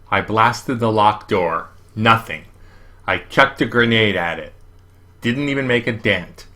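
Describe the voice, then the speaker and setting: Bright-voiced man narrating a storybook. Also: lowish voice, lively intonation, a little slow. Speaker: audiobook reader. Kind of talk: first-person storybook narration.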